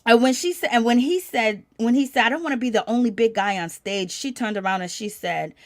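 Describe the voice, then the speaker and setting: A woman giving animated gossip commentary, reacting with exclamations as she recaps a show. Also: on the high side, brisk. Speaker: commentary channel host.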